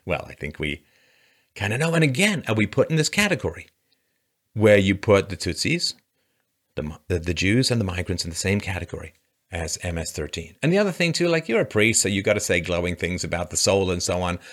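A man's voice: low voice, very animated, a little fast. A man giving sarcastic political commentary in a mocking, dry way, often sighing and scoffing.

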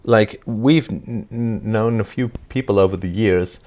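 A man's voice: on the low side, measured pace, darkish tone. A man hosting a casual chat with his daughter, joking and teasing, then rambling into lecturing asides. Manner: joking, teasing, often laughing. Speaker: host, father talking with his daughter. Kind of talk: casual chat, reading out comments.

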